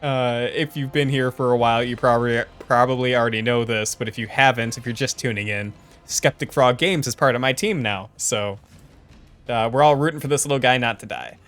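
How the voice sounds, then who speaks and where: A woman's voice: a bass voice, brisk, faint music behind. A woman streaming a video game, ranting in a profane, exasperated way and laughing at her own complaints.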